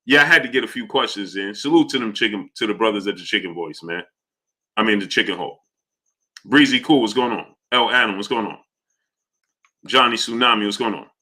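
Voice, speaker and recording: A man hosts a casual livestream, his voice sharp and ringing. He goes from low, mumbled shout-outs to loud, heated outbursts. He sounds preachy as he rants at whoever he is talking about. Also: brisk. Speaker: livestream host. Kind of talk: casual livestream commentary, reading viewer chats.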